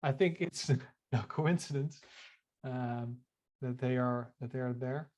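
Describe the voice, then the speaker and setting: A man's voice: mid-range voice, a little slow, darkish tone, dull audio. A man co-hosting a casual podcast, joking around and reading text aloud, often stumbling over his words. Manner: jokey, stumbles and repeats words. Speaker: podcast co-host.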